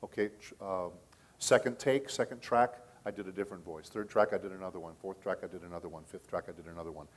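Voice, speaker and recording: Middle-aged voice actor guy at a con panel, kinda low voice, chatty, keeps saying okay?. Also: fairly even intonation, fast talker. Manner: storytelling, chatty, checks in with the audience with "okay?". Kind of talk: casual panel talk. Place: convention panel room.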